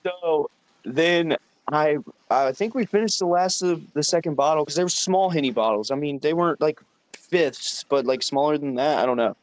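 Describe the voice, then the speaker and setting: This young man speaks at a normal speed with a fairly high pitch. Co-hosting a podcast, he tells a loose, profanity-laced tale about work, full of laughter, in a relaxed storytelling conversation.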